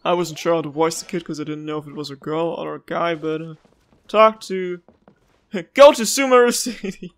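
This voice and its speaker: A woman's voice: on the low side, normal speed. A woman playing a game and chatting casually, tossing in jokey asides between the voiced lines. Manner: laughs often, jokey asides. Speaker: gaming YouTuber. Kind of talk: casual let's-play commentary. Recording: faint music behind.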